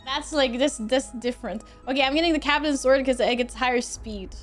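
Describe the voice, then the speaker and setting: A young woman from Sweden streams a game into a desk mic, talking in a bubbly, giggly way to her viewers. Her voice sits high, and faint music plays behind her. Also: brisk. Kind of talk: casual gameplay streaming.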